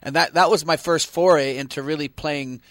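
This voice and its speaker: A Canadian man, a football kicker, chats as a guest on a sports radio show. He tells his stories with plenty of energy and acts out the lines of the people he quotes. His voice sits a little high and sounds dry and close. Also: moderate pace, no echo. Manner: animated storyteller who acts out quotes. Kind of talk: casual radio interview storytelling.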